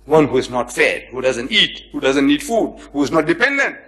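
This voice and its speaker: A man lecturing an audience on religion, emphatic and repetitive, with rhetorical questions and slow chanted phrases. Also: on the high side, big pitch swings. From India, raised in South Africa. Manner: chants phrases slowly, swings from soft to loud.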